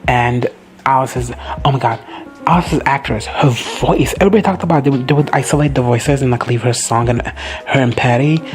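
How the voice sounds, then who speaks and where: A man recaps a show in an excitable, rambling reaction-video style. He swears freely and keeps jumping into quick quoted asides, and his voice sits at a middle pitch. Faint music plays underneath.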